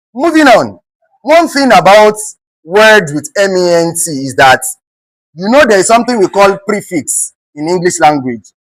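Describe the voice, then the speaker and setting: On a dry, rough recording, a medium-pitched Nigerian-accented teacher delivers an English exam-prep lesson. Repeatedly the teacher asks the class "what?" and gives the answer, spelling out words letter by letter and going over them slowly.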